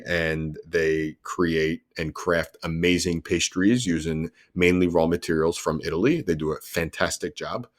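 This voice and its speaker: A young adult man hosting a solo podcast, talking earnestly and explaining things step by step, often restarting his sentences. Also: low-pitched. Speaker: podcast host.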